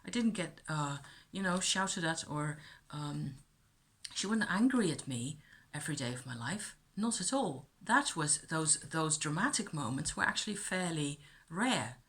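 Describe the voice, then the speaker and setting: A middle-aged woman thinking aloud about her childhood in a reflective personal monologue, with many pauses and restarts. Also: sits low, expressive, fairly bright tone. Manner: thoughtful, musing, with many fillers and restarts.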